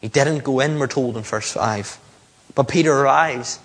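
A man's voice: mid-range voice, normal speed. A man preaching a sermon, telling stories and acting out the lines he quotes. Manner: storytelling preacher, acts out quotes. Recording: long hall reverb.

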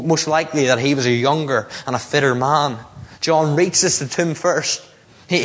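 A man's voice: fairly high pitch, a bit bright. A man preaching a sermon, telling stories and acting out the lines he quotes. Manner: storytelling preacher, acts out quotes. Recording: long hall reverb.

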